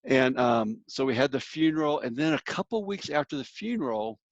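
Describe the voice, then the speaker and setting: A man gives a church workshop talk, earnestly telling a personal story and turning often to address his listeners. His voice sits in a middle pitch. The recording is dry and a little muffled, with little high end. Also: animated, fairly quick, no echo. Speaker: grief workshop speaker.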